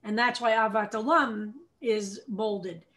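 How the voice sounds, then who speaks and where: An American woman rabbi teaching a text study class, explaining lively and asking her students questions. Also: mid-range voice, slow.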